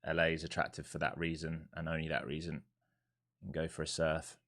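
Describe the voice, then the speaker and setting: A laid-back man with a London accent talks loosely on a live trading stream. His voice sits very low and deep. He speaks bluntly and chattily, with the odd swear word. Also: completely flat delivery, brisk, a bit bright. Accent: London English. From London, England. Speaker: live-streaming day trader. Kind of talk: casual live-stream chat and market commentary.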